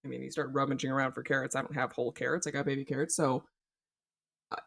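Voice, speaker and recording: A young woman co-hosting a podcast, telling stories in an animated way and swearing casually. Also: rumbling low, fast, vocal fry. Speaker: podcast co-host. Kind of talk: casual chat.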